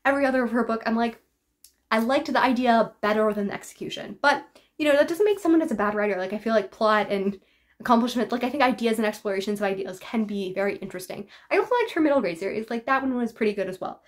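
A woman's voice: a little high, lively intonation, fast talker. A woman book vlogger chatting casually through a book haul, full of filler words and laughing asides.

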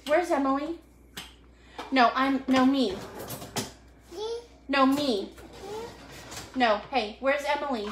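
A woman's voice: high-pitched, fairly bright tone, slight background noise. A woman hosting a home cooking show, talking in a casual, playful, teasing way from her kitchen. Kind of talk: casual joking chat.

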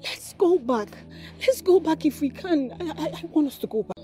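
A woman's voice: sits high, animated, normal speed, over music. An actress with a Nigerian accent playing a young woman's ghost who begs urgently to go back. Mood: pleading. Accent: Nigerian English.

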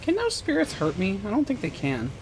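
A man's voice: high voice, huge pitch swings, brisk, noisy background. A man giving casual gameplay commentary with dry, sarcastic quips and frequent swearing. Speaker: gaming commentator.

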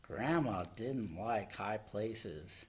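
A man reading a children's picture book aloud, taking his time over every phrase. His pitch swoops up and down expressively, leaning on the sound words, with a fairly low voice for his sound. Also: drawn-out words, slightly rough. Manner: animated, expressive storytelling. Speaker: children's librarian. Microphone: home recording.

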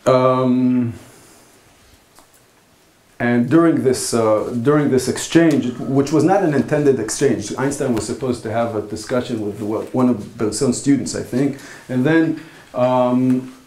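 A man delivers a philosophy lecture at an academic workshop, his voice sitting at an ordinary middle pitch. He talks haltingly and thoughtfully, pausing often as he builds his points. The recording carries the roomy echo of a lecture hall. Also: darkish tone. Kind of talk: academic conference talk.

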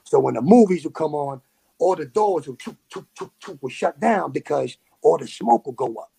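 A man tells a story as a podcast guest. His voice sits a bit high and sounds gravelly and husky. He talks in animated street slang and drops in sound effects. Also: moderate pace. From New York City. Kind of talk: casual storytelling.

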